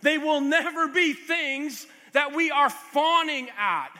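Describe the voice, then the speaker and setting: High, bright-voiced man preaching in a hall. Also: expressive, slow pace. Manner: earnest, conversational preaching with asides and restarts. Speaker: pastor. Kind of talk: sermon. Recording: long hall reverb.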